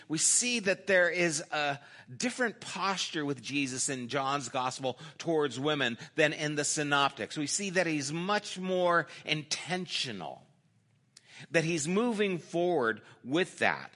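Male pastor, sermon, bright tone, slow storytelling delivery. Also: a little high. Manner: storytelling, acts out quoted lines in a dropped, softer voice; conversational, with small restarts.

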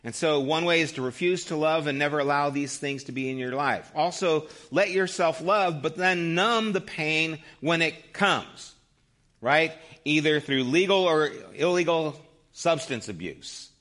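Bright-voiced man preaching in his fifties. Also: a little high, a little slow. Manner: conversational storytelling, frequent rhetorical "right?". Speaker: pastor. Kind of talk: sermon.

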